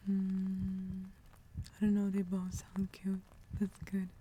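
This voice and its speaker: A woman hosting a whispered ASMR livestream, her voice very dark and mellow. She speaks slowly and softly into a close mic, chatting with viewers over faint background noise. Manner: soft whispering, greets viewers and answers chat; drops into a relaxed lower voice. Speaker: livestream host.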